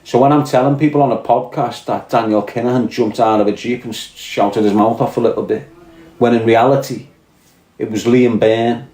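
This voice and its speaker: A man's voice: mid-range voice, steady tone, normal speed, dark tone. Rambling Scouse man in an echoey room. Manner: rambling, reads out viewer comments. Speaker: podcast host. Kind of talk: casual live-stream chat.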